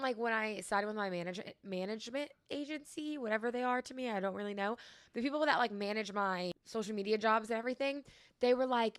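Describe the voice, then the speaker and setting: A woman's voice: a little high, fast talker, dry recording. A woman in her twenties from Louisiana with a light country twang, chatting sassily and rambling on her podcast. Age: 20s. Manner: chatty, sassy, rambling with many likes. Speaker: podcast host. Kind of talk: casual solo podcast chat. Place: home room with washer and dryer running.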